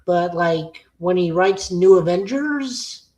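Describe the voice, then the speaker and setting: A woman's voice: fairly low pitch, expressive, slow pace, a little mellow, low-quality recording. A woman co-hosting a podcast, giving casual, blunt, opinionated takes on comic books with frequent fillers. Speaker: podcast co-host. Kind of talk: casual comic-book review chat.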